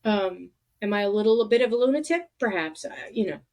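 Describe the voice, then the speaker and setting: A woman hosting a podcast, talking in a reflective, halting way with many restarts. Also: medium pitch, lively intonation, a little mellow. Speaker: podcast host. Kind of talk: casual conversation.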